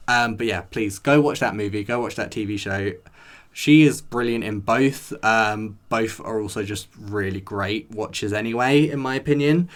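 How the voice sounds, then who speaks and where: A man reviewing a TV episode in a chatty, rambling way, talking straight to his viewers. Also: mid-range voice. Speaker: show reviewer. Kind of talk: casual chat to camera.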